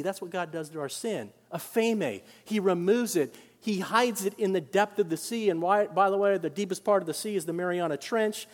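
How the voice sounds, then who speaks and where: A male pastor preaching in a high, bright register, his voice ringing through a large hall with a long, lingering reverb. He swings between hushed, close passages and loud, emphatic bursts. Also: a little fast. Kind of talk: sermon.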